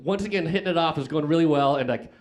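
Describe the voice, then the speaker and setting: A young comic with a racing, fairly high voice works a live crowd at a comedy club. His set is a string of meandering stories at his own expense, cluttered with restarts and filler words.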